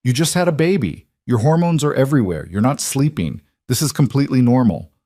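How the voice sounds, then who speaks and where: A man voicing a gentle, patient single dad. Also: medium pitch, expressive, brisk, no echo, clean studio sound, voice pushed up, natural voice. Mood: reassuring. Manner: gentle, reassuring. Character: patient single father, gentle but firm.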